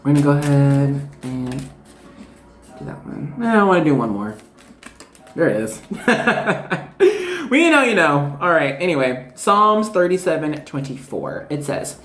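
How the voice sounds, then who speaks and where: Brief: upbeat tarot reader, chatty and slangy, very animated pitch, roomy echo with faint music under it. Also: unhurried. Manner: chatty, excitable, slangy, quotes scripture. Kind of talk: casual tarot reading to camera. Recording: echoey room with faint music.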